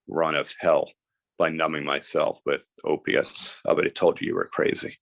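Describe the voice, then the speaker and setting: A man's voice: a bass voice, little pitch movement, moderate pace, gravelly, fairly bright tone, no room sound. A middle-aged man from New Jersey, a guest telling his life story in earnest, emphatic, casual talk. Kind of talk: candid storytelling interview.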